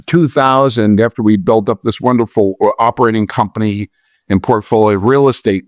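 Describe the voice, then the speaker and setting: In a clean, dry studio recording, a middle-aged man with a medium-pitched voice tells a story during a podcast interview. A real estate investor, he's animated, performs dialogue with a raised voice and frequently starts over.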